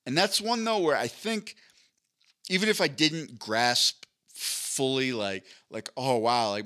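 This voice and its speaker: A man co-hosting a podcast, telling a childhood story in a lively, animated way. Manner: animated, acts out his childhood self in a high voice. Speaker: podcast co-host. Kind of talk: casual storytelling chat.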